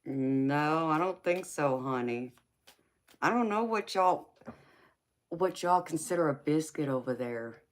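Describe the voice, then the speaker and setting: A woman's voice: low-pitched, expressive, slow. A woman hosting a casual livestream, chatting with her viewers, laughing often and calling them honey and sweetheart. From United States. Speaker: livestream host.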